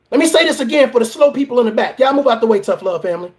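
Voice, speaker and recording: Brief: high-voiced man, blunt and preachy, ranting in a reaction vlog. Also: animated, brisk. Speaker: reaction vlogger and motivational coach. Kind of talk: profane reaction rant.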